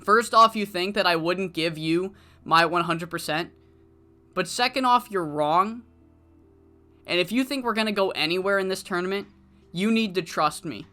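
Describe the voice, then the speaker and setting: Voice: mid-range voice, moderate pace, bright, forceful tone, faint music behind, lightly acted. The narrator voicing a female wrestler who firmly defends herself to her tag partner. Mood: defensive. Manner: firm, lecturing. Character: stern, defensive woman wrestler.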